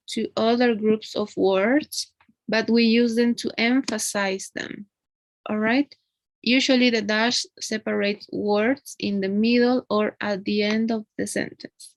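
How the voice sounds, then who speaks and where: A woman's voice: a little high, vocal fry, slight background noise, low-quality recording. A woman teaching an English grammar lesson one on one, explaining patiently and often checking in with a tag question.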